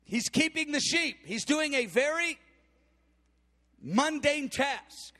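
Preaching a sermon in a strikingly high voice, a man retells a Bible story slowly but with animated energy, taking on the characters' voices as he goes. A long reverb trails his words, as though he were filling a large church hall.

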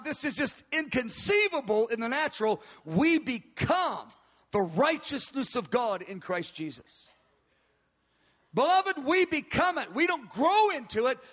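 A man preaching a sermon with emphatic, repeated declarations, slowing down to stress key words. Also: very high-pitched, a bit bright, big-room sound.

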